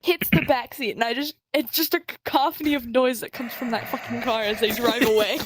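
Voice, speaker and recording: A woman's voice: fairly high pitch, steady tone, fairly quick, few pauses, a crowd in the background. A woman telling stories from her childhood in a casual chat, swearing for emphasis.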